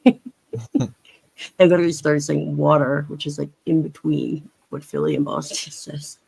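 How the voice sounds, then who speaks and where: A woman's voice: low-pitched, very animated, takes it slowly, creaky, warm tone, husky, dry recording, rough recording. A woman with a faint Philadelphia accent, chatting as a panelist in a rambling, chatty way with many restarts. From Philadelphia area. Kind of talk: casual chat.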